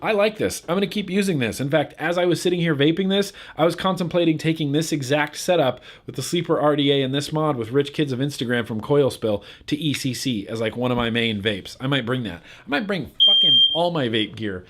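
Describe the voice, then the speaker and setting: A man's voice: a little high, a little fast, few pauses, a bit bright. A young man hosting his own vlog in a casual, laid-back way, swearing offhandedly and laughing at viewer comments. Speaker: vlog host.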